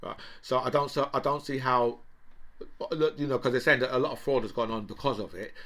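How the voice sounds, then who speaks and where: A man's voice: medium pitch, fairly quick, a bit bright. A man hosting a political commentary show, talking in a rambling, exasperated monologue and tagging his points with constant questions to the listener.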